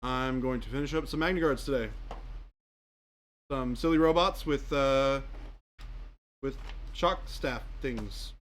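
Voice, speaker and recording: A man's voice: medium pitch, unhurried, pauses often, fairly bright tone, slight background noise. A man hosting a livestream, chatty and upbeat as he greets viewers. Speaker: livestream host. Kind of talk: casual livestream chat.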